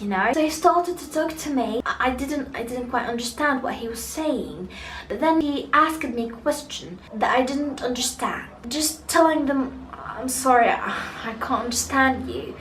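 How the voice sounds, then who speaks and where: A young woman who grew up speaking chats through a personal story in a high, light voice. She rambles casually with lots of fillers and restarts. The sound is roomy and echoey, with a faint hum of ambience behind her. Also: lively intonation, moderate pace, a bit bright. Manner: chatty, many fillers and restarts. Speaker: vlogger.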